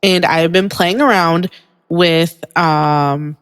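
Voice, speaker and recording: A woman co-hosting a casual podcast who talks in a measured way, with frequent "um"s. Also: lowish voice, fairly even intonation, clear, resonant tone, long reverb tail. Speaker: podcast co-host. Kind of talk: casual chat.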